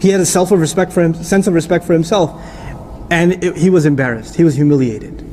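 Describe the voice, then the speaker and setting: A middle-aged man preaching a sermon-style lecture, explaining with rhetorical questions and turning animated at times. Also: fairly high pitch, brisk, slight background noise. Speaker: Islamic preacher.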